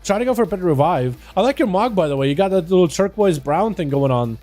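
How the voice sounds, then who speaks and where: A man's voice: high voice, expressive, darkish tone, faint music behind. A young man casually calling a match as a live game streamer. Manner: casual, chatty, fast play-by-play.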